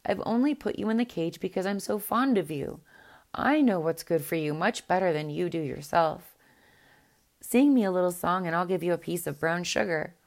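A woman voicing a fond, gentle young princess in a storybook reading, speaking softly and affectionately. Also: on the low side, expressive, normal speed. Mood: coaxing.

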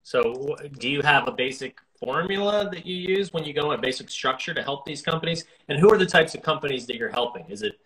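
Bright-voiced American man hosting. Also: fairly high pitch, lively intonation, fairly quick, poor audio. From United States. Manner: rambling, many fillers and restarts, friendly. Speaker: podcast host. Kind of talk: casual interview chat.

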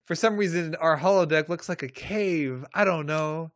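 A man's voice: a little high, normal speed, no echo, clean studio sound. A man co-hosting a podcast who mocks a TV episode with sarcastic jokes in a casual chat. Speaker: podcast co-host.

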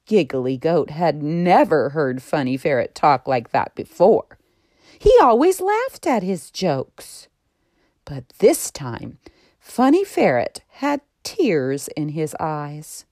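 A woman host narrating a children's story in an expressive storytelling manner. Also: low-pitched, takes it slowly, no echo, clean studio sound.

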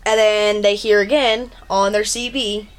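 A woman co-hosting a podcast, retelling a film's plot in a casual, animated way with frequent swearing. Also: medium pitch, a little slow, smooth. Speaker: podcast co-host. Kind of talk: casual movie recap chat.

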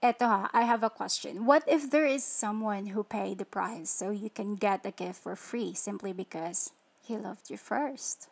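A woman hosts a faith-centered motivational show. She talks in a chatty way, turning often to the listener with rhetorical questions. Her voice sits at a middle pitch. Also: normal speed, gravelly. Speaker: show host. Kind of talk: faith-based motivational talk.

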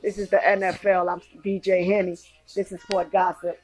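A woman hosting a casual sports podcast, excitably reading scores and highlights with lots of slang and exclamations. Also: normal speed, breathy edge, faint music behind. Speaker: podcast host.

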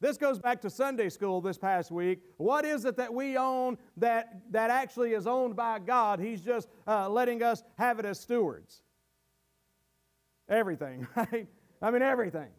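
A man's voice: very high voice, lively intonation, moderate pace. A man preaching a sermon to his congregation, earnest and teaching verse by verse, often repeating words as he goes.

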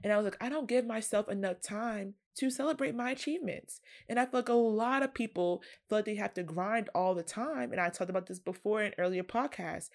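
A woman in her twenties hosting a solo podcast, talking to her listeners in a chatty, earnest way. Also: medium pitch. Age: 20s. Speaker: podcast host. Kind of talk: casual solo podcast talk.

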